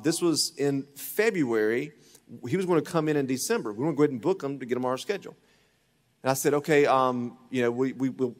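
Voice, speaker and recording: A man preaching a sermon as pastor, telling a story and acting out the voices in it, swinging from loud to hushed. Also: medium pitch, big-room sound. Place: church sanctuary.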